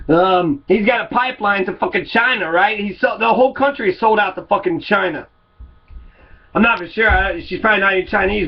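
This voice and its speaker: Furious swearing man, high voice. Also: muffled recording. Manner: angry, swearing, repetitive. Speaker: political commentator. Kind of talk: profane political rant.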